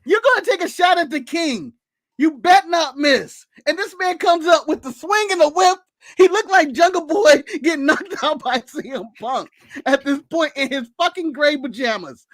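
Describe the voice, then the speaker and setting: A man's voice: very high-pitched, animated, normal speed, fairly bright tone, no echo. A man from the United States co-hosting a casual podcast, ranting sarcastically with laughs and swearing. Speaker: podcast co-host.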